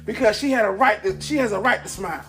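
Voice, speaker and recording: A man's voice: high-pitched, quick pace, fairly bright tone, soft background music. A man in a casual motivational talk to camera, rambling and repeating words, with many fillers, recorded indoors at home. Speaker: vlogger. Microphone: camera in front of him.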